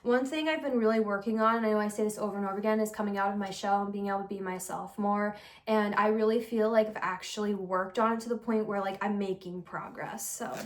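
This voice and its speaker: A woman's voice: medium pitch, a bit bright. A young woman who reads tarot, chatting casually to camera in a rambling, confessional way, full of fillers and giggles. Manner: earnest and confessional. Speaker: tarot reader and channel host. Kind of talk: casual vlog chat.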